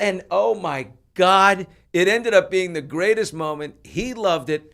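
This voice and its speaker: An older man hosting a talk show, telling a story in an animated, self-mocking way and acting out quotes. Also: high-pitched, normal speed, creaky. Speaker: host.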